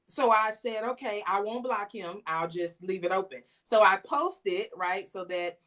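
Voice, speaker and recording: Telling a personal story as a podcast guest, a woman gives a casual, lively retelling and acts out the messages she quotes. She speaks a little slowly in a mid-range voice.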